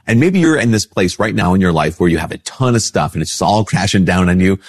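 Husky-voiced priest with a stuffy nose. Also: male voice, expressive, quick pace, hardly any pauses, no room sound, clean studio sound. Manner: conversational, acts out quoted replies in a higher voice. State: a bit sick with a stuffy nose. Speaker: Catholic priest. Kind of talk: casual spoken reflection.

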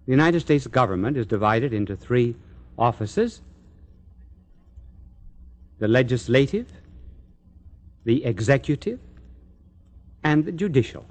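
A man giving recorded Catholic religious instruction in a dramatic, declamatory way, with long pauses between phrases. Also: medium pitch, expressive.

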